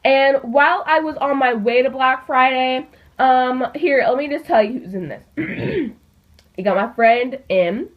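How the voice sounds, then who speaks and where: A woman's voice: high voice, measured pace. Chatty teen girl vlogger, lo-fi. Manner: chatty, filler-heavy, animated. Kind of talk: casual storytime. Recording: dull lo-fi recording.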